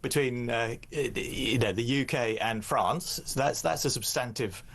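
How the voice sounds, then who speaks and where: A man as a political commentator guest, measured and hesitant, often restarting his sentences. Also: mid-range voice, creaky, fairly bright tone. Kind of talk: live radio debate.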